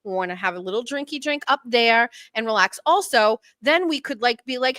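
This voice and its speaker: A woman's voice: a little high, moderate pace, few pauses, a bit bright, no room sound. A middle-aged woman hosting her own show, telling a story in a chatty, self-mocking way and acting out the voices of people she quotes. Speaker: podcast host. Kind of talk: casual storytelling chat.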